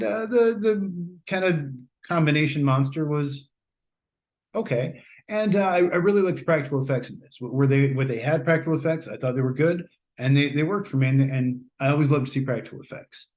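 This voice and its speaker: A man's voice: fairly high pitch, a little fast. Rambling American man reviewing a film. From United States. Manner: relaxed and rambling, many fillers and restarts. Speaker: podcast host reviewing a film. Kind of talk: casual spoken review.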